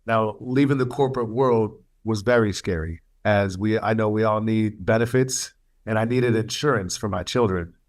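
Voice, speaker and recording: A man sharing his life story as a webinar speaker, earnest and emotional, with halting pauses and fillers. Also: on the low side. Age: adult, studying for a master's. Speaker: webinar speaker, youth mentor.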